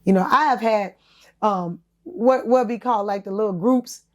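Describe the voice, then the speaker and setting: Her voice mid-range and her pace moderate, this woman shares candid stories as a guest on a podcast, drawing on her life as a singer and talk show host. She's animated and slangy, laughs a lot, acts out other people's words, and calls the listener honey and baby.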